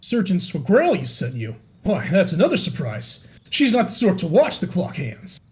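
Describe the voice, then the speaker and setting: A man's voice: sits high, huge pitch swings, normal speed, darkish tone. A man voicing a polite, apologetic male pirate crewman, reading game dialogue in a folksy pirate dialect. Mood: cheery. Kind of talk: reading game quest dialogue aloud in character.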